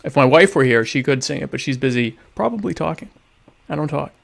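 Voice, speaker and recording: On the high side, creaky and animated, his voice runs a little fast. The podcast host streams solo from home on a webcam while eating dinner, rambling in a sarcastic and mock-grandiose tone.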